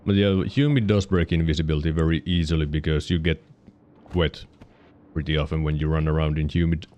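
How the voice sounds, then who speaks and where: The audio is dull as a Finnish-accented game streamer talks fairly quickly in a very deep, steady, slightly mellow voice. He gives casual, rambling commentary, correcting himself while explaining mechanics and hiccuping now and then.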